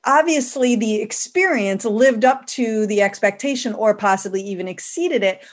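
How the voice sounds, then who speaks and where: Woman host asking questions, fairly high voice. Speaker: podcast host. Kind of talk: casual podcast interview.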